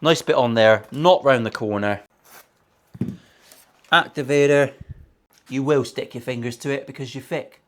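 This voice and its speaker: A man's voice: mid-range voice, measured pace, pauses often. A man, a luthier chatting casually and sarcastically while building a guitar in his workshop, swearing freely.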